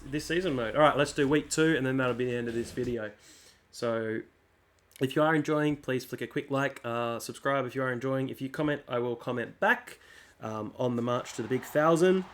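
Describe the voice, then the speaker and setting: A man giving casual, jokey commentary while playing a wrestling video game. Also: medium pitch. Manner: chatty, jokey, mock announcer asides. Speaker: gaming channel host.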